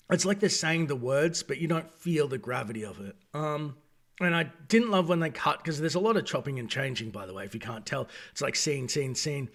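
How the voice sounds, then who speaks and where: An Australian man giving a casual, opinionated review, talking in an animated, digressive way. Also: on the high side, a little fast. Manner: animated, digressive, acts out quoted voices. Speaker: video reviewer.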